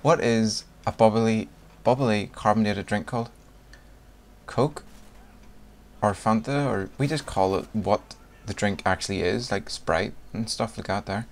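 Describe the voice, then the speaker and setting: A man's voice: lowish voice, moderate pace, few pauses, slight background noise. A young man from Northern Ireland with a Northern Irish accent, chatting casually and reading a word list aloud for a video. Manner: chatty, laughs between lines, reads words aloud one by one. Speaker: vlogger.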